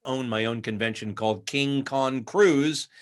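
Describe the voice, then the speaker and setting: A man, a voice actor guest in a casual interview, telling lively stories and slipping into voices. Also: medium pitch, unhurried. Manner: lively anecdotal, acts out voices mid-story.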